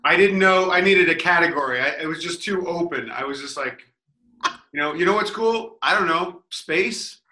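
Bright-voiced deadpan man, echoey room. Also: on the high side, normal speed. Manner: deadpan crude jokes. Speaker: podcast panelist. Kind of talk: casual comedic banter.

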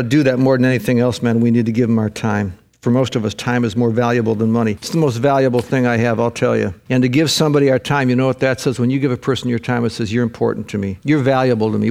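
A man's voice: mid-range voice, a little mellow. A man preaching a sermon in an earnest, conversational way, often putting direct questions to his listeners.

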